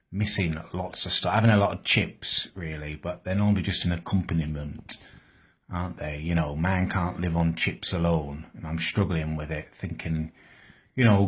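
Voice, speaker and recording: A man plays a crude, self-pitying bloke delivering a deadpan comic monologue to camera. His voice sits very low and sounds husky, and he rambles on in a flat, matter-of-fact way with muttered asides. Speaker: comedy vlogger character.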